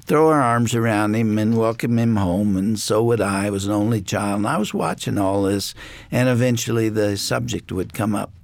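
Earnest older man with a gravelly voice. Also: on the low side, no echo. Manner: earnest, unhurried anecdote with frequent pauses. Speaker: guest. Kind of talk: personal storytelling in a faith interview.

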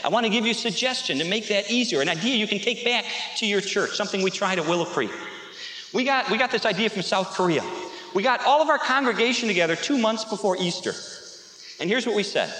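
A man preaching a sermon as a pastor, telling stories with animated energy and shouting at the peaks. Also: high voice, fast. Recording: echoey hall.

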